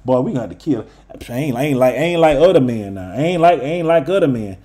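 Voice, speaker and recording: A man's voice: mid-range voice, lively intonation, quick pace, mellow, husky, voice pushed down. A man putting on a sneering, scheming temple leader. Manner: sarcastic, slangy, wheedling then plotting. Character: scheming, greedy male temple leader mocking Jesus.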